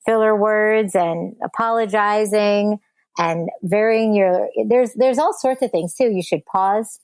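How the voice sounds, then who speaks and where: A woman who founded a speech app appears as a guest on an interview podcast, earnestly explaining her work and laughing readily. Her medium-pitched voice is unhurried and darkish in tone, with no echo.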